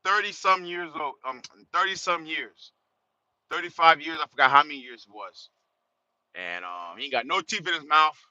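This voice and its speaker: A man's voice: on the high side, lively intonation, normal speed, pushed and bright, dry recording. Blunt trucker man talking from the cab. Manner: blunt, streetwise, swearing freely. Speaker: truck driver. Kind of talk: casual vlog while driving. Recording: dull lo-fi sound.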